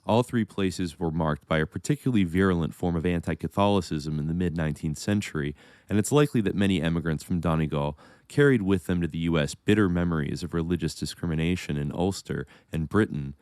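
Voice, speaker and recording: A man with a very low, smooth and resonant voice co-hosts a history podcast. He moves between reading passages aloud and chatting loosely, restarting his sentences as he goes. The sound is dry and close to the mic. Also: fast, darkish tone, dry recording. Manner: reads historical passages, then rambles with restarts and laughs. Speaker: podcast co-host. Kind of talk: casual history podcast chat.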